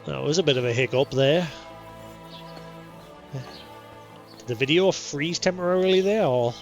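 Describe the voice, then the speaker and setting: A man's voice: a little high, measured pace, muffled recording, faint music behind. A man giving rambling, chatty commentary while streaming a game live. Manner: chatty, rambling, laughs easily.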